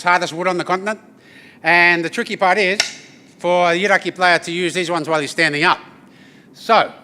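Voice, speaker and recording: A bright, high-voiced Australian man jokes with a crowd in a clean tone, giving a humorous storytelling talk and didgeridoo demonstration in a corporate event space at a briefing. He's chatty and often ends with "yeah?" and "eh?".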